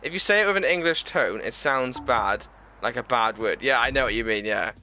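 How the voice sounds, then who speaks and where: A man's voice: medium pitch, lively intonation, moderate pace, pushed and bright, slight background noise. A man chatting casually on a live game stream, reading viewer comments aloud and answering them. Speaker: gaming streamer.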